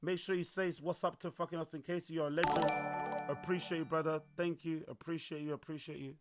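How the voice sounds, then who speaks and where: A young man, his voice worn hoarse, chatting loosely to his livestream audience, repeating himself and swearing as he goes. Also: fairly high pitch, steady tone, brisk, over loud music. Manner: loose, repetitive, swearing, talks to chat. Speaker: livestream host. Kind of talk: casual livestream chat.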